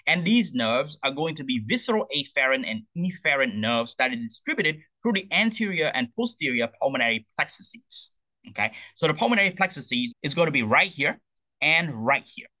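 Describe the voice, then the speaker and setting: Lively man lecturing, bright dry voice. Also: on the high side, moderate pace, no echo, low-quality recording. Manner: lively, repeats "okay?" to check understanding; asks rhetorical questions and answers them. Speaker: anatomy lecturer. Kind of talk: recorded anatomy lecture.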